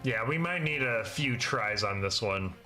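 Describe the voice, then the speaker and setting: A man's voice: mid-range voice, lively intonation, measured pace, pushed and bright, faint music behind. A man giving joking, chatty commentary over a video game playthrough. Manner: joking and chatty, with small laughs. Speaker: gaming video host. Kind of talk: casual let's-play commentary.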